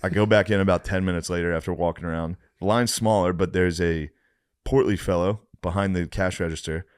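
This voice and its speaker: A low-pitched man tells a long, exasperated story in a casual podcast chat, swearing often. His voice sits close and dry on the mic. He breaks into laughter as the story builds. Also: steady tone, a little fast, smooth, dry recording. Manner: profane, exasperated ranting anecdote with bursts of laughter. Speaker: podcast co-host.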